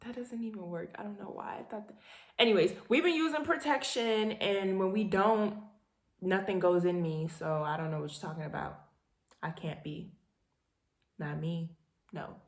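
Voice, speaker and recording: A young woman in her twenties tells a story for her vlog, talking casually and dramatically. Her voice is animated and playful, and she often breaks into laughter. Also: on the low side, normal speed, long pauses, echoey room. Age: 20s. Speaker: vlogger.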